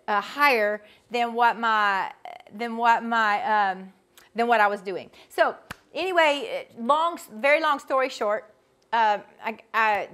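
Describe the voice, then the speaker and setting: Chatty woman vocal coach. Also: on the high side. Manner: chatty and animated, frequent restarts, laughs often. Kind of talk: casual teaching talk to a group.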